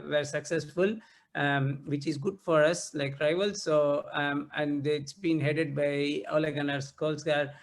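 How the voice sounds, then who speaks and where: A man co-hosting a football podcast, talking casually with many hesitant pauses. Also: fairly high pitch. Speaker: podcast co-host.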